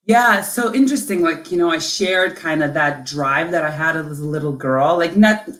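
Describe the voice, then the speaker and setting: A woman from Lithuania, a coach, telling a personal story in an interview with an emotional, halting delivery full of restarts. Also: sits low, a bit bright, echoey room. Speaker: guest, coach.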